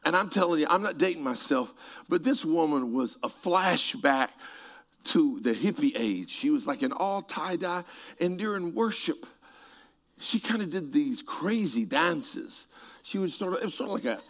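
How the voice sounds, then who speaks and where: A man preaching a sermon, telling stories with asides to people in the room and swinging from hushed tones to shouts. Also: on the high side, lively intonation, normal speed.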